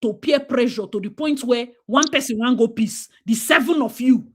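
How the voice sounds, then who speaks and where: Emphatic Nigerian woman, fairly high voice. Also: moderate pace, husky. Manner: emphatic, switching into Pidgin, acting out quoted parents. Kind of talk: casual talk-show discussion.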